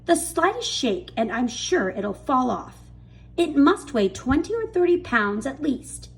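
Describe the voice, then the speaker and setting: A woman voicing a spiteful, bossy middle-aged aunt in a storybook reading, snapping and yelling. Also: high-pitched, big pitch swings, measured pace, voice pushed up, exaggerated voice. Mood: scolding. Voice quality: sharp and bossy. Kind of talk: storybook read-aloud.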